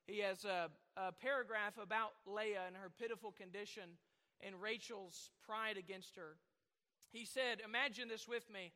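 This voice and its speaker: A man's voice: sits high, steady tone, moderate pace, sharp tone, in a large hall. A man preaching a sermon, rambling at times and asking the congregation questions. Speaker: pastor.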